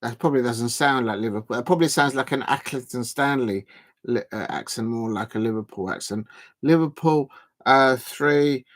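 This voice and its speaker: A man hosting a live football watch-along, talking in a loose, rambling way at an ordinary middle pitch. He stretches his words out slowly while he types into the chat, and his chat keeps drifting from one point to the next.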